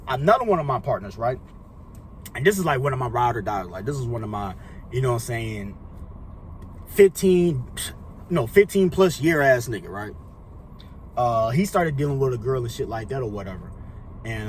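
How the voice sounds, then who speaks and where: A man's voice: medium pitch, a little hiss or hum. A young man telling a casual storytime monologue, rambling and profane, full of slang fillers. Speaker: storyteller vlogger.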